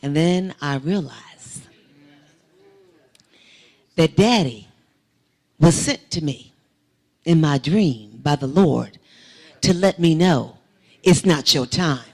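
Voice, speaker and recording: Animated woman preaching a testimony. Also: deep voice, slow pace, long pauses. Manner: vivid storytelling that swells into emphatic preaching. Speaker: guest speaker. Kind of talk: testimony sermon. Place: church sanctuary.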